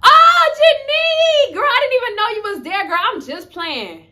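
A brash, mocking young woman, as a storyteller puts her on in a story-time video, her voice pushed up high and shrill. She sneers and curses with loud scorn. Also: lively intonation, moderate pace, full character voice. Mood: fake-sweet.

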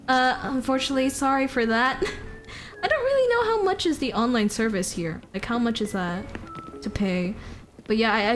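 A woman's voice: on the high side, fairly bright tone. A young woman live-streaming a game, chatting casually, giggling, swearing and answering chat.

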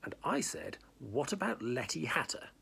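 A man voicing a stern, sharp-tongued young woman with a cold, scornful manner. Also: medium pitch, very animated, normal speed, gravelly, husky, exaggerated voice.

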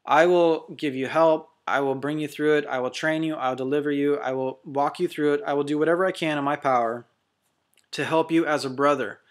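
A man's voice: a little high, fairly even intonation, fairly quick. A man preaching as a deliverance minister, fervent and confrontational, hammering out short repeated declarations. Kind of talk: preaching sermon to camera.

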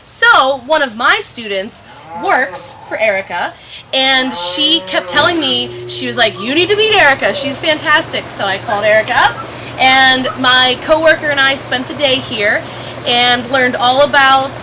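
High-pitched upbeat woman co-host. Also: lively intonation, a little slow, noisy background. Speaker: talk show co-host. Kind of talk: casual chat.

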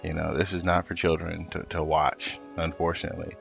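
Low-voiced, profane storytelling man. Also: fairly quick, creaky, muffled recording, soft background music. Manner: animated, profane and rambling. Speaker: comic artist streaming live while painting. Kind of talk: casual storytelling on a livestream.

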